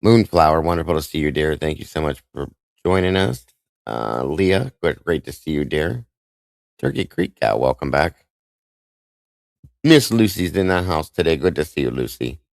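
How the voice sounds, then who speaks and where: Very deep-voiced emotional livestream host. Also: male voice, expressive, creaky, no room sound. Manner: emotional, halting, with many restarts; warm greetings to chat viewers by name. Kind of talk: emotional live-stream chat.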